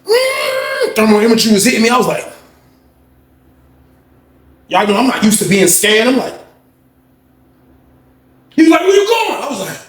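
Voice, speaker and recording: Telling a story in casual street slang, a man animatedly acts out the voices of the people in it. His voice is high and at normal speed, with long pauses, and the room is echoey.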